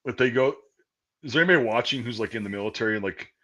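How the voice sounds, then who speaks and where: A man telling a basic-training story in casual chat, profane and animated, acting out the quotes loudly. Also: mid-range voice, quick pace, muffled recording, slight background noise. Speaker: podcast host telling a story.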